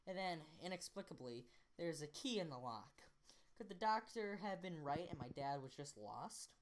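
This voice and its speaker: A woman's voice: on the low side, expressive, moderate pace. A young woman reading a novel aloud in a casual, playful way, stopping to correct herself and laughing at her own slips. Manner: playful, self-interrupting, slips into voices. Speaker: reader. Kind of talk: casual amateur book reading.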